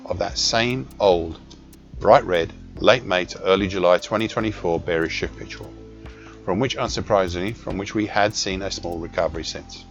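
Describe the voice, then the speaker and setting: A man reading scripted market commentary as an analyst, measured and precise, with small self-corrections. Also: deep voice. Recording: dull lo-fi recording with faint music.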